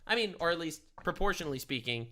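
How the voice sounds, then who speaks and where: A man's voice: a little high, expressive, quick pace, sharp tone. Hesitant defensive man in a clip. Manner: defensive, hesitant, many ums. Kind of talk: casual chat on a played clip.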